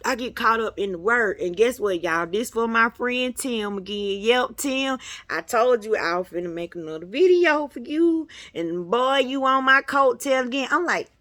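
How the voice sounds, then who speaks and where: A woman at home, talking to her viewers in a playful, animated way. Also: a little high, moderate pace, dry recording. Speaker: vlogger. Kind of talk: casual chat to viewers. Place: at home indoors.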